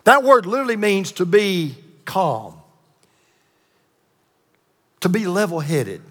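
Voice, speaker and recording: A male pastor delivers a sermon in a fairly high voice, building emphasis through repeated phrases and drawn-out pauses. His words ring out with a long hall reverb around them. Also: very animated, a bit bright. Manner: emphatic preaching with repetition and dramatic pauses.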